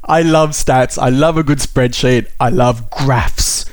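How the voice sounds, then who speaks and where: A man's voice: mid-range voice, steady tone, no room sound. A man co-hosting a pinball podcast, joking back at his partner in good-humoured, casual banter. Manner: good-humoured, quick to laugh and joke back. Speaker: podcast co-host.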